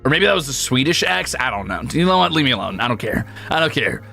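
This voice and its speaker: A man's voice: mid-range voice, sing-song, quick pace, gravelly, pushed and bright, soft background music. A young adult man streaming, chatting casually and rambling through a profane story. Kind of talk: casual chat.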